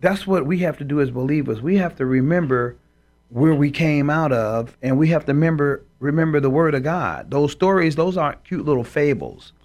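A man's voice: on the high side, lively intonation, normal speed, darkish tone. A man co-hosting a Christian talk show, speaking in an emphatic, preacherly way and quoting scripture. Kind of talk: faith talk show discussion.

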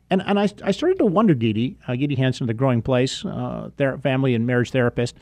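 Talk show host, man, mid-pitched, dry studio sound, halting and affirming. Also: expressive, gravelly, darkish tone, no room sound. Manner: halting, restarts often, affirming. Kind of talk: casual interview chat.

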